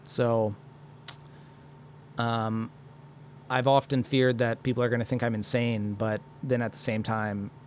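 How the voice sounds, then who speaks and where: A young man talks alone into a microphone, rambling in a loose, profane flow and laughing at himself. His voice sits at an ordinary pitch, with a faint hiss behind it. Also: little pitch movement, measured pace, pauses often. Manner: rambling, profane, self-deprecating. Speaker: podcast host. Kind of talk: solo podcast rant. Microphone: studio microphone.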